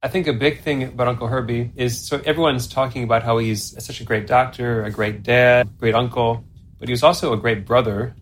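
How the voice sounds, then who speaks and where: A man in his thirties, recorded at home, casually retelling a family story in a chatty, relaxed way. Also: mid-range voice, a little fast, faint music behind. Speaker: interviewee, family member.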